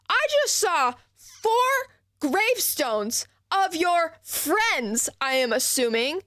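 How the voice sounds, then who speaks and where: A woman's voice: sits high, animated, takes it slowly, fairly bright tone, no room sound, clean studio sound. A young woman streamer ranting and laughing as she reacts to a game, with casual, profane commentary. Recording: game music playing behind.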